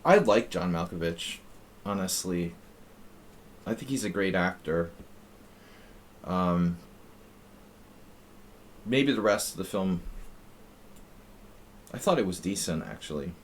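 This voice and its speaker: A man's voice: sits low, animated, slow, long pauses, a little hiss or hum. A man streaming chess, chatting casually and reading his moves aloud as he thinks. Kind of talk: casual live-stream chat while playing.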